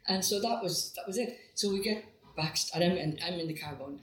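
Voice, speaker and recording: An older Irish woman, a singer, telling stories from her life in a relaxed interview. She acts out the voices of the people she quotes and often breaks into laughter. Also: low voice, fast talker, hardly any pauses. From Ireland. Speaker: guest singer. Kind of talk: conversational storytelling. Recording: roomy echo with faint ambience.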